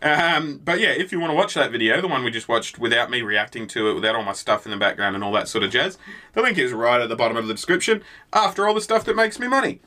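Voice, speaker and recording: A man's voice: medium pitch, expressive, fast. A man rambling and swearing freely in a casual reaction-video chat. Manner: rambling, profane, lots of "like" and "you know what I mean". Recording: loud background noise.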